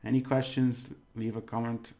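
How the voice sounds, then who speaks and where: A man giving a casual video lesson as a language teacher, chatty, laughing often and repeating words slowly to model them. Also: mid-range voice, flat delivery, creaky, mellow.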